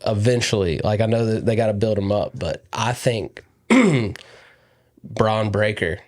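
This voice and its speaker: A man's voice: lowish voice, steady tone, unhurried, a little mellow. A man co-hosting a casual wrestling podcast, chatting with enthusiasm and laughing easily. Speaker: podcast co-host; stand-up comedian. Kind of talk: casual chat.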